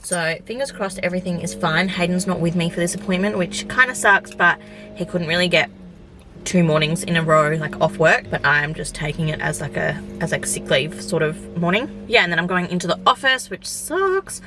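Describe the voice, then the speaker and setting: A woman's voice: fairly low pitch, normal speed, music in the background. A young woman vlogging in a casual, rambling chat to camera, filling her talk with "like". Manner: chatty, rambling, full of "like" fillers.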